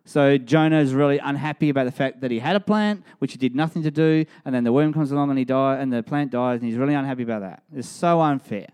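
A man's voice: medium pitch, quick pace, hardly any pauses, smooth. Emphatic male preacher. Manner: emphatic, rising to animated storytelling. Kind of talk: sermon.

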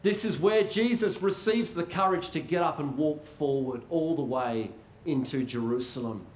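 A man preaching a sermon in a conversational way, asking rhetorical questions and pausing for effect. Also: fairly high pitch, slight background noise. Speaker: pastor. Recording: roomy echo.

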